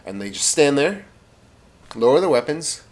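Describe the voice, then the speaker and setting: A man's voice: fairly high pitch, very animated, normal speed. A man spins a comic tall tale in a loose, rambling way. His voice swings up and down a lot. He throws in fillers and mouth sound effects as he goes. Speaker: storyteller. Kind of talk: casual comic storytelling.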